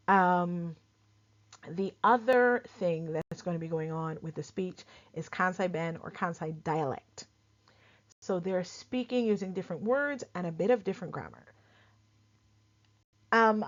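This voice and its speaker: A woman from Barbados with a lightly softened Barbadian accent, chatting casually as she explains, full of quick examples and asides. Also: on the low side. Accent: Barbadian, softened for clarity. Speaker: culture explainer host. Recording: dull lo-fi sound.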